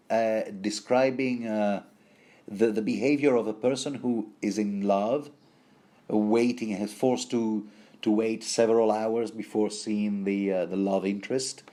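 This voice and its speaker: A man's voice: fairly low pitch, a little slow, mellow. A man giving a rambling, wry commentary on a novel, digressing often as he reads passages aloud. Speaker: book commentator.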